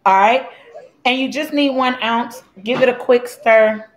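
A woman's voice: on the high side, fairly even intonation, measured pace. Chatty woman hosting a cooking live stream. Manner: chatty, joking, greets viewers by name. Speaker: cooking show host. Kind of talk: casual live-stream chat while mixing a drink.

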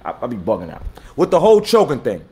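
A man in his thirties, a battle rapper hosting his own live stream. He talks blunt and profane, repeats himself and gives shout-outs to viewers, and says he is tired. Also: mid-range voice, huge pitch swings, fast talker. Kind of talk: casual live-stream talk.

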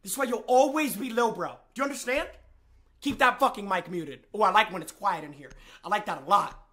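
A young man streaming a game, trash-talking his opponent in a heated, repetitive way with swearing and sudden shouted outbursts. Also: high voice, animated, brisk. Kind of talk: live gaming stream trash talk. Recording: game audio and chat under the voice. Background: game sounds and voice chat.

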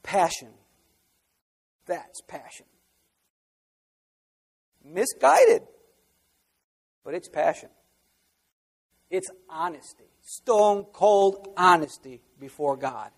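A high-pitched man delivers a sermon from the pulpit. He moves between hushed asides and loud, fervent outbursts, and a long reverb trails his words through a large hall. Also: lively intonation, very slow, pauses often. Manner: preaching with sudden loud outbursts. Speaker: pastor.

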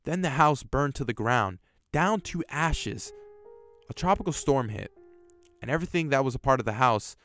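Soft music plays in the background as this YouTube storyteller, a man with an expressive, mid-range and fairly bright voice, reads a horror story at a moderate pace. He keeps it casual, tossing in his own reactions and the occasional swear word.

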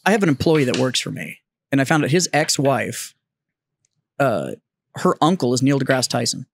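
A man co-hosting a podcast, telling a story in animated, swearing casual chat. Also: mid-range voice, moderate pace, no echo. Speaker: podcast co-host.

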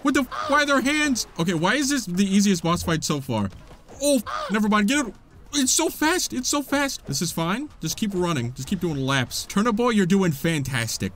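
Excitable, animated young-sounding man gaming. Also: high-pitched, brisk. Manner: excitable, yelping, swearing cut short. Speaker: gaming YouTuber. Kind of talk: casual gameplay commentary.

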